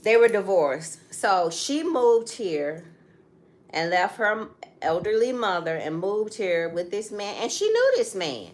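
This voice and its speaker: A middle-aged woman co-hosts a casual talk show, her medium-pitched voice very animated yet measured in pace. She tells a story emphatically, turning to the audience with direct asides.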